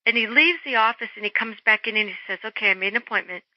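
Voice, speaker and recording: Animated woman storyteller, muffled lo-fi line. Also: on the high side, fast, no room sound. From Germany. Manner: animated, acts out quoted voices. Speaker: interview guest. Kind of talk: storytelling in an interview. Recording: dull lo-fi phone-line sound.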